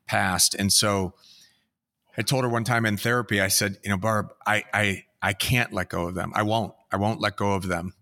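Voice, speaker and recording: Middle-aged man guesting on a podcast, kinda low but bright voice, gentle, pauses a lot. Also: fairly even intonation. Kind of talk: conversational podcast talk.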